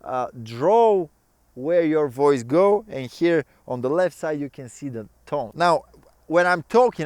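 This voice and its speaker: Chatty man with a smooth voice. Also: on the high side, unhurried, no room sound. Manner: relaxed, chatty, non-native phrasing. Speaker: ukulele teacher. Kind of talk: casual tutorial explaining.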